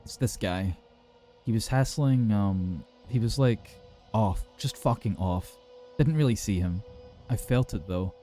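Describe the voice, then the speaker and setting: A man's voice: lowish voice, measured pace, mellow, soft background music, natural voice. A man doing a slurring drunk bloke. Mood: shaken. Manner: slurring, rambling, swearing. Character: drunk young British man calling for help, rattled.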